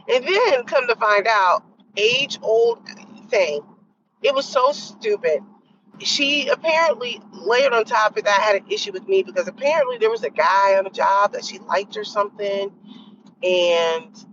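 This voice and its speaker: A young adult woman hosting a podcast, telling a workplace story in a casual, exasperated way and lowering her voice to quote others. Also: a bit bright. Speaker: podcast host. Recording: dull lo-fi sound with faint noise.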